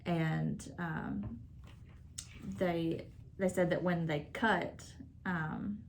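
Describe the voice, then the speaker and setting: A woman telling her family's hospital story in a casual sit-down, halting and full of fillers and restarts. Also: fairly low pitch, vocal fry, slight background noise.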